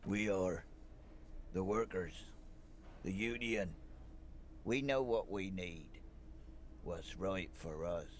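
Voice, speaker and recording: A sleepy, surly dock worker. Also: male voice, sits low, slow pace, long pauses, slight background noise. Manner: drowsy and evasive, curt answers.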